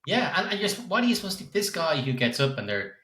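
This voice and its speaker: Middle-aged male podcast co-host, bright tense tone, sweary exasperated chat, echoey room. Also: a little high, very animated, fast. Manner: swearing, exasperated ranting with laughs. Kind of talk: casual chat.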